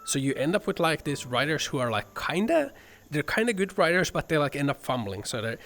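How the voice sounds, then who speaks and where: A man's voice: fairly high pitch, sing-song, a little fast, fairly bright tone. A man streaming, ranting casually with lots of swearing and filler words. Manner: rambling, profane, fillers "like" and "man". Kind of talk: casual chat.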